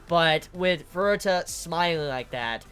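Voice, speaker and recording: A woman's voice: fairly low pitch, animated, unhurried, fairly bright tone, smooth, soft background music. A young woman giving casual manga commentary, emphatic and repetitive, swearing often. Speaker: manga reviewer.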